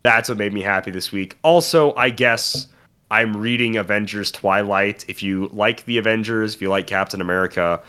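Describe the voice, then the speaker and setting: A man's voice: on the low side, normal speed, sharp tone, smooth. A young man co-hosting a board game podcast, telling stories in an enthusiastic, casual way. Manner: enthusiastic storytelling. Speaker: podcast co-host. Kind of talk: casual chat.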